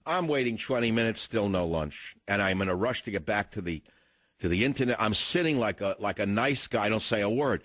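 A man's voice: lowish voice, expressive, brisk, a bit bright, no room sound. An older man hosting a talk radio show, telling indignant stories in a ranting, opinionated monologue into a studio mic.

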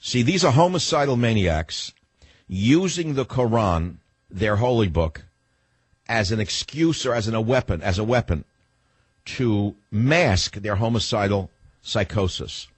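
A man's voice: fairly low pitch, animated, unhurried, slightly rough, no echo. A male talk radio host delivering a heated, sarcastic monologue.

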